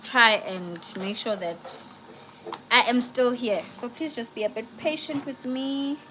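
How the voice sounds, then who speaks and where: A woman chatting on a live stream, retelling a film's plot with animated slang-filled storytelling. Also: a little high, a little slow, a little hiss or hum, rough recording. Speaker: vlogger doing a live movie review.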